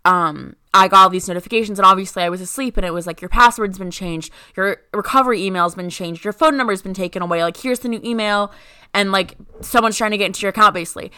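A woman's voice: mid-range voice, fast, sharp tone, clean tone, dry recording, clean studio sound. A young woman co-hosting a podcast, telling a story in casual chat and filling it with "like". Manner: rambling, heavy use of "like". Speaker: podcast co-host.

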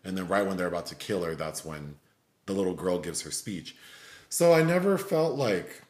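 A man with a lowish voice talks through a film review in loose, casual chat, circling his points with lots of fillers. The sound carries a noticeable room echo. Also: animated, normal speed, a little mellow. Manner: rambling, filler-heavy critique. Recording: roomy echo.

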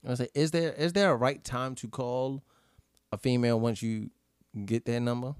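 Animated profane young man. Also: medium pitch, moderate pace, clean tone, no room sound, studio quality. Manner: animated, profane, asks questions. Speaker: podcast co-host. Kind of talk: casual chat.

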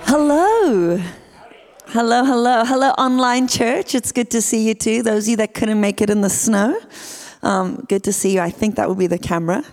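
A woman in her thirties with a South African accent, preaching a sermon as a guest speaker in a lively, chatty way. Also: on the high side, moderate pace, soft background music. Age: 30s. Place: church sanctuary. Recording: church hall with long reverb.

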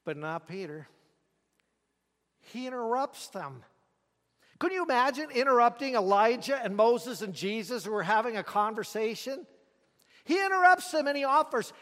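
Guy preaching a sermon, high voice, dramatic storytelling, lots of do-you questions, echoey hall. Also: expressive, moderate pace, pauses often, fairly bright tone.

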